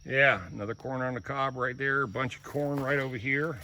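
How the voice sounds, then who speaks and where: A man's voice: medium pitch, steady tone, fairly quick, sharp tone, slight background noise. A man vlogging casually, walking through his garden and telling folksy stories. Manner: folksy storyteller. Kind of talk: casual vlog walk-through. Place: rural garden outdoors.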